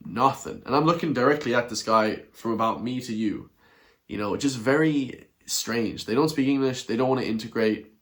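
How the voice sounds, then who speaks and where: A man's voice: medium pitch, moderate pace, fairly bright tone. A man doing a blunt, repetitive rant in a video commentary, chuckling between his points. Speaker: online commentator.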